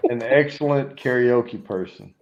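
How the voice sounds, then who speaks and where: A man's voice: medium pitch, a little slow, lo-fi sound, crowd noise. A man making short, blunt remarks in a casual chat.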